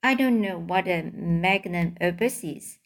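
An innocent young pig, earnest and full of wonder, as a woman reads him. He asks his questions slowly, in a middle-pitched voice. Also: close to an everyday voice.

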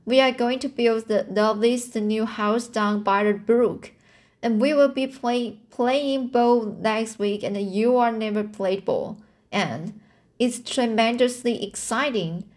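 A woman's voice: on the high side, a little mellow. A woman reading as a pleading young girl. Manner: stumbling, halting reading. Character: pleading young girl, loyal best friend.

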